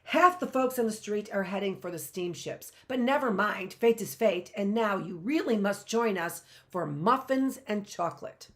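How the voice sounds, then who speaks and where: A woman voicing a smooth-talking, jovial male lawyer with grandly polite, hearty speech in a storybook reading. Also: medium pitch, lively intonation, moderate pace, hardly any pauses, natural voice.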